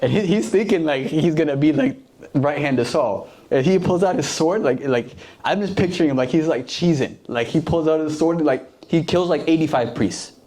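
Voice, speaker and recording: A man's voice: on the high side, moderate pace, a little mellow. A young man preaching a casual sermon to a youth group, slangy and conversational, acting out the characters.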